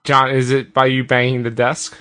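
A man's voice: mid-range voice, completely flat delivery, normal speed, sharp tone. A man co-hosting a comedy podcast, trading dry, teasing quips. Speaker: podcast co-host.

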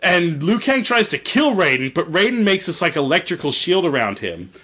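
A man's voice: high-pitched, sing-song, normal speed, a bit bright, husky. A young man casually retelling a story, rambling, swearing and correcting himself. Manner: rambling, profane, self-correcting. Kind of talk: casual chat.

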